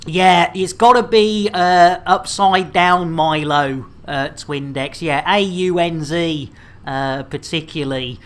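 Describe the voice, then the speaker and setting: A woman in her thirties speaks slowly in a low voice with fairly even intonation. She's streaming a game, chatting casually in a rambling, jokey way and tripping over words with lots of fillers.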